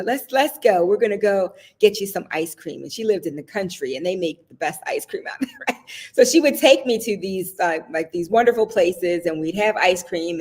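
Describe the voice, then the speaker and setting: A woman's voice: fairly low pitch, darkish tone. A woman from the Southern United States hosting a casual live stream, talking in a chatty, personal way and often checking in with her viewers. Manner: chatty and personal, often asks "right?" and laughs.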